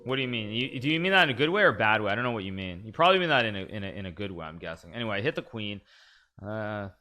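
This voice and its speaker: Bright-voiced man streaming chess. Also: lowish voice, very animated, soft background music. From United States. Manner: chatty and rambling, thinks aloud about moves, quick thank-yous to subscribers. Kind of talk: live-stream chess commentary and chat.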